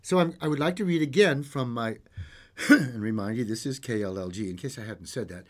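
A man with a mid-range voice hosts a radio show from a radio studio, speaking briskly. He sings along to his guitar and chats in a playful, rambling, self-mocking way.

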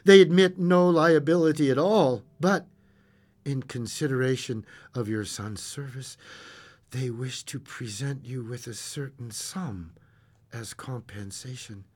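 A man voicing an uneasy visitor who brings bad news in a low, stammering voice. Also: unhurried, a little mellow, lightly acted. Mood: somber. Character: hesitant, uneasy male messenger of bad news.

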